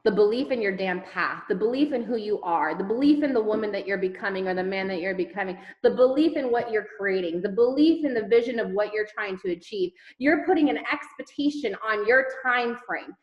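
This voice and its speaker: A woman's voice: mid-range voice, expressive, a little fast, hardly any pauses, echoey room, muffled recording. A woman leading a network marketing team, giving an emphatic motivational talk over a video call, firing rhetorical questions and repeating words for effect. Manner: emphatic, rhetorical questions, repetition, casual swearing.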